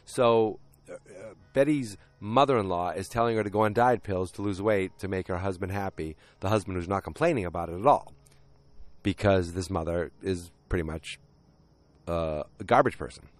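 A man casually recapping a TV episode with a deep voice and rambling, jokey asides. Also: normal speed, dry recording.

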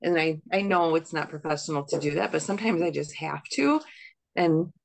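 A woman's voice: sits low, a little fast, vocal fry, rough recording. A woman guest on a podcast, speaking in casual chat, thoughtful and hesitant with frequent "um"s.

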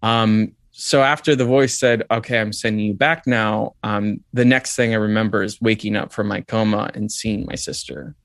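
A man's voice: lowish voice, steady tone, moderate pace, few pauses, fairly bright tone, no echo. A man as an interview guest, telling a personal story in a reflective way, with many "like"s and "um"s. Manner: reflective, lots of "like" and "um".

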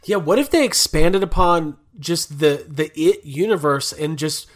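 A man's voice: on the high side, animated, unhurried. A man hosting a podcast in casual chat, joking and laughing as he talks. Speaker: podcast host.

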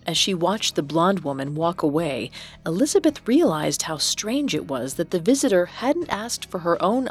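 A woman co-hosting a podcast, reading scripted true-crime narration in an expressive storytelling way. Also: fairly low pitch, breathy edge. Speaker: podcast co-host.

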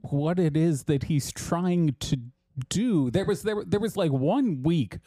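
Mellow, dry-voiced man stammering through sarcasm. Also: fairly high pitch, slow, no room sound. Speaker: podcast co-host. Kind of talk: casual comedic chat.

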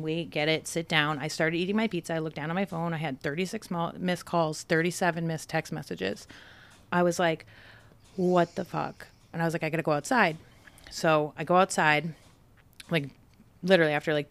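A woman's voice: low-pitched, creaky, clean tone, dry recording. A woman from Massachusetts, a podcast guest, telling a personal story casually with many "like"s and quoted dialogue. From Brockton, Massachusetts. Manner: casual, fillers "like" often, quotes people in her story.

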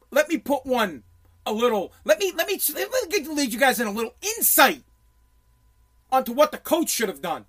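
A man's voice: high-pitched, sharp tone. A man telling a story in a profane, intense rant, often restarting his sentences. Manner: intense, swearing, many restarts.

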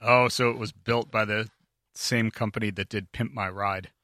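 A man's voice: lowish voice, fairly even intonation, normal speed, sharp tone, dry recording, clean studio sound. A man chatting casually and agreeing eagerly. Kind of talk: casual chat.

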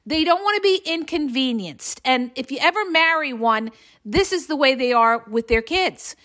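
Woman, high voice, middle-aged, blunt, emphatic, podcast monologue. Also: lively intonation, moderate pace, a bit bright. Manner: blunt, emphatic, keeps adding "okay?". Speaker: podcast host and relationship coach. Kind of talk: casual monologue.

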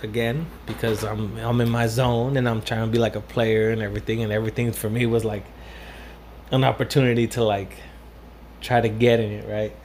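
A man's voice: lowish voice, level tone, fairly quick, darkish tone, a little hiss or hum. A young man telling a story in a casual, rambling way, full of fillers and swearing, slipping into Spanish phrases now and then. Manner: profane, rambling with many fillers.

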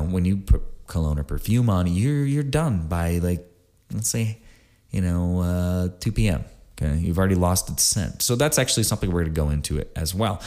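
A man's voice: low-pitched, a little mellow. A married man hosting a podcast episode, explaining things in a casual, rambling way with many fillers and small jokes. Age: adult, married. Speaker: podcast host.

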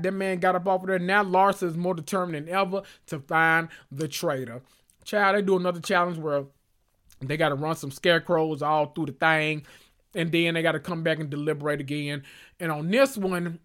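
A male podcast host recapping reality TV in a sassy, animated, gossipy way. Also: a little high, moderate pace. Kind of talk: casual reality TV recap monologue.

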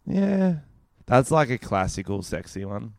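A young Australian man bantering on a podcast, loose and crude, swearing as he jokes. His voice is smooth and resonant, and the sound is close and dry with no room in it. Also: medium pitch, sing-song, a little slow, darkish tone, no room sound. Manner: joking, swears freely, does mock accents. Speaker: podcast co-host.

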